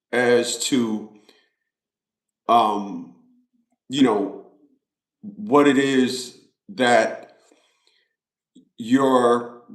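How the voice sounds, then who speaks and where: A man talking straight to his viewers in a casual monologue, emphatic and repetitive, like a preacher. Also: medium pitch. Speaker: vlogger. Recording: roomy echo.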